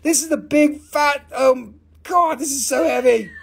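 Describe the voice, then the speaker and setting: A man's voice: very high voice, unhurried, vocal fry. A man hosting a live stream that sells rocks, chatting in a profane, rambling way and laughing often. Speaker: host of a live rock sale. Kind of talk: live-stream sales chat.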